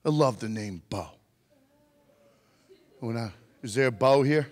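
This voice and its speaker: A man's voice: medium pitch, measured pace, a little mellow, long reverb tail. A man giving a comedic motivational talk to a youth audience, playful and teasing with the crowd. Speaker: motivational speaker.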